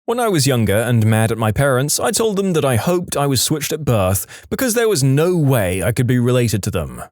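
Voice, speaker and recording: Man, story narrator, scripted narration, animated pitch, dry close recording, comic quote voices. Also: normal speed, no room sound. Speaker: narrator reading stories.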